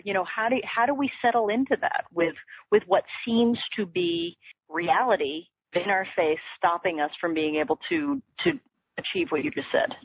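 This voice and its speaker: A woman's voice: mid-range voice, expressive, moderate pace, gravelly, slightly rough, no room sound. A woman hosting a phone interview, enthusiastic and affirming toward her guest. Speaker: host. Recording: tinny phone line.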